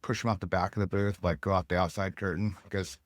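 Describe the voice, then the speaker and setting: Middle-aged shop owner guest, lowish voice, rambling and relaxed, dry close mic. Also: male voice, fast talker, no room sound. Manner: loose, rambling storytelling with many fillers. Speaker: skate and snowboard shop owner, podcast guest. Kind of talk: casual podcast chat.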